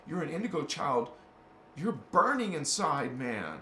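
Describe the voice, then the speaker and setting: A man's voice: fairly high pitch, sing-song, a little slow, bright, forceful tone. A man talking casually to his viewers in a meandering monologue, often restarting and repeating words. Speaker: spiritual vlogger. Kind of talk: rambling casual monologue to camera. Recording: echoey room with faint background noise.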